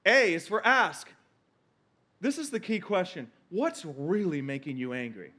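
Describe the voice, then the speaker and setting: A man's voice: high-pitched, lively intonation, unhurried, bright, forceful tone. A man pastor preaching a sermon, quoting scripture and repeating key points for emphasis.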